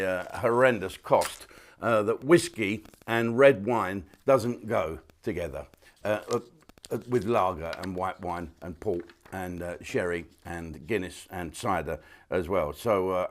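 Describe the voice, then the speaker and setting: Older man, chatty comic monologue. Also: on the low side. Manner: chatty, rambling, joke-telling. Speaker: comedian and host. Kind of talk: casual monologue to camera. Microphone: clip-on mic.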